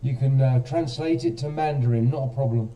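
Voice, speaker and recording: A man's voice: medium pitch, brisk, dark tone, recorded from a distance. A man hosting a casual live stream, chatting straight to viewers and quizzing them, with a self-mocking manner.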